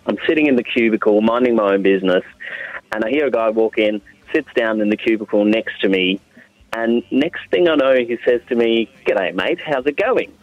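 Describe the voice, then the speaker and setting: A man, calling into a radio show and telling an anecdote in a dry, deadpan way. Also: fairly low pitch, fairly quick, no room sound. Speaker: caller. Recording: muffled phone line.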